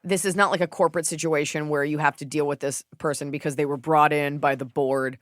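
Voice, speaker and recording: Woman host, low voice, sarcastic deadpan humor, dry close mic. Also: a little fast, no room sound. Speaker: podcast host. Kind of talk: casual comedic advice chat.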